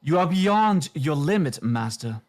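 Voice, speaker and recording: A man voicing a female centaur puppet disciple with a smooth, lively voice. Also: fairly high pitch. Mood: firm. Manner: lively, measured.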